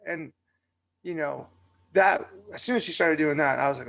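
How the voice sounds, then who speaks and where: A young adult man co-hosting a podcast tells a long story in a chatty, casual way full of fillers. His voice is a little high and a bit bright, with a steady tone, vocal fry, and a slightly fast pace.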